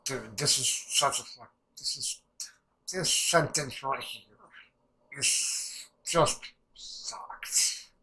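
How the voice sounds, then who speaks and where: A young man rambling excitedly through a casual reaction commentary, swearing freely and restarting his sentences. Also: mid-range voice, drawn-out words, rough recording. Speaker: anime reaction channel host.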